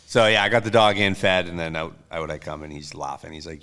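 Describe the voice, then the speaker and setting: A man chats loosely on a podcast, rambling through self-deprecating stories. His voice sits low but comes across bright and forward. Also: a little fast. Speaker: podcast co-host. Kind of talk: casual chat.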